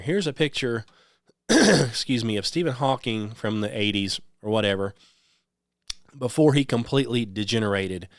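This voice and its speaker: A man's voice: on the low side, smooth, dry recording, studio quality. A man hosting a radio show, talking in a rambling monologue that is peppered with "um" and "okay?". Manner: conversational, repeats "okay?" and "um" often.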